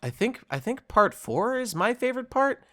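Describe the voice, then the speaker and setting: A man's voice: very high voice, big pitch swings, moderate pace, a bit bright. A young man hosting a casual podcast chat, joking, laughing often and trailing off mid-sentence. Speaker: podcast host.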